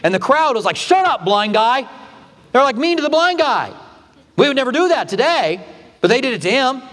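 A man's voice: sing-song, quick pace, fairly bright tone, in a large hall. A male pastor delivering a sermon, telling the story dramatically with acted quotes. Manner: dramatic retelling with acted quotes, shifting pitch widely.

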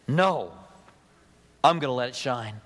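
A man's voice: medium pitch, lively intonation, a little slow, a bit bright. A middle-aged male pastor giving a conversational sermon, with chatty asides and acted-out dialogue. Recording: long hall reverb.

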